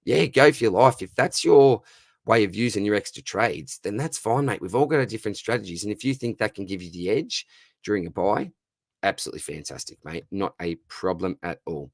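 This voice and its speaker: An Australian man hosting a casual livestream Q&A, hoarse from losing his voice, chummy, calling everyone mate and brother. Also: low voice, lively intonation, a little fast, dry recording, studio quality. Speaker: livestream host answering viewer questions.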